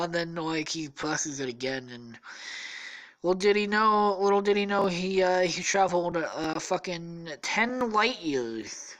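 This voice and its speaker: A woman's voice: low-pitched, a little slow, a bit bright, poor audio. A tired woman hosting a podcast, improvising a rambling, profane story and correcting herself often. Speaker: podcast host.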